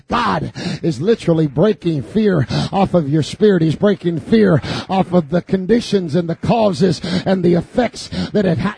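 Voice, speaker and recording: A man preaching a fervent sermon in a church, building repeated declarations up to shouts. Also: high-pitched, moderate pace, vocal fry, husky, no room sound. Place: church sanctuary.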